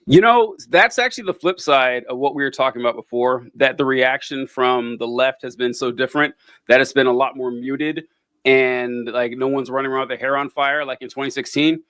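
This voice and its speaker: A man in casual political chat, often incredulous and quick to laugh. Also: medium pitch, fairly bright tone, clean tone, no room sound. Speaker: political commentator.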